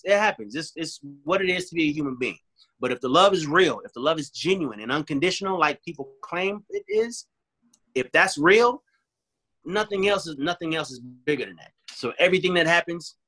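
Man, emphatic, repeats himself, bright voice, slightly high. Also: a little fast. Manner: earnest, emphatic, repeats phrases, acts out both sides of arguments. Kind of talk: casual chat.

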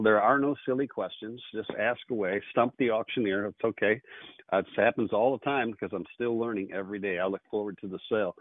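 A man hosting a call-in radio show with fast, upbeat auctioneer patter. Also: on the low side, no echo. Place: radio studio. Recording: phone-like narrow band.

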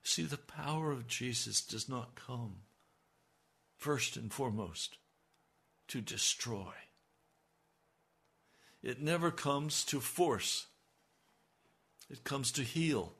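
Slow, husky-voiced preaching man. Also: medium pitch, lively intonation, fairly bright tone. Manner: emphatic preaching, voice swelling on key lines. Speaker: pastor. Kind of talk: sermon.

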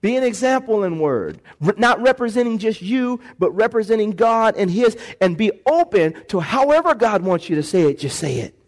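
A man pastor preaching a lively sermon in a church, acting out voices and calling for responses from the congregation. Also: sits high, normal speed, hardly any pauses. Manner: animated preaching, acts out voices, call-and-response.

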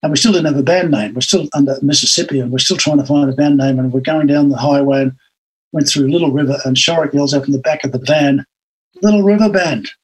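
An older Australian man, a guest in an interview, telling long stories with lively acted-out quotes. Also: mid-range voice, fast talker, husky, poor audio. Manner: animated anecdotal storytelling with acted-out quotes. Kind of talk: storytelling in an interview.

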